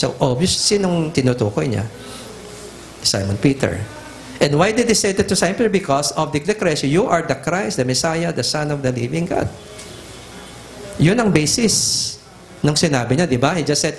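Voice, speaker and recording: A man's voice: fairly high pitch, lively intonation, normal speed. A middle-aged Filipino man preaching a teaching sermon, emphatic and repetitive, switching back and forth between languages. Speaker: pastor.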